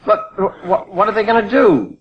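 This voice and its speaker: A man's voice: high voice, lively intonation, a little fast. A man playing a flustered grown son who is worn out by his mother's nagging in a comedy sketch. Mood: exasperated. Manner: exasperated and sheepish. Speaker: comedy performer. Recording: dull, noisy old comedy record.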